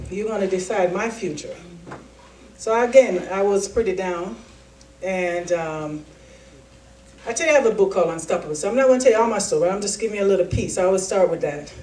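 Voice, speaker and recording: A woman's voice: mid-range voice, recorded from a distance, slight background noise. A woman gives a motivational speech, acting out the voices in her story with animation. She sounds set back from the microphone, and a large hall echoes around her. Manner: animated storytelling, acts out quotes. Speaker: keynote speaker.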